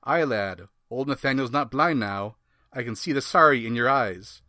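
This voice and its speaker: A man's voice: mid-range voice, normal speed, dry recording, studio quality, close to an everyday voice. A man reading the lines of a drunken, kindly old Irish harbor man without putting on an accent. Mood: consoling. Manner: reads the lines flatly, no accent.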